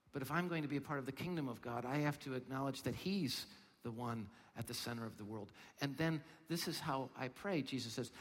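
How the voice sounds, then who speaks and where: A male pastor preaching a sermon, firing off rhetorical questions and then dropping to a soft, low voice. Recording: long reverb of a large hall.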